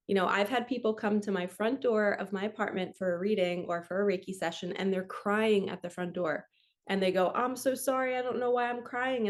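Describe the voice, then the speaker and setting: A woman spiritual coach reads from a book to her camera and adds her own thoughts. Her voice is gentle and earnest, and she laughs easily. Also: mid-range voice. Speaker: spiritual coach and card reader. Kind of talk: casual reading aloud from a book with commentary.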